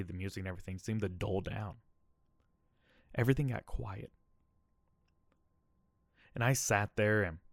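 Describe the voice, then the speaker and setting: Man around 30, podcast host, candid rambling storytelling, lowish voice, dry close sound. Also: dry recording. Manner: candid, rambling, keeps adding "all right?" and "okay?". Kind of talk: personal storytelling monologue.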